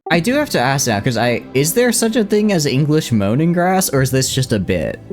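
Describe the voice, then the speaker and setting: Playful man with a lively voice. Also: a little high, a little fast, faint music behind. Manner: playful, teasing, with stumbling restarts. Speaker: streamer and host. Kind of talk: casual stream chat.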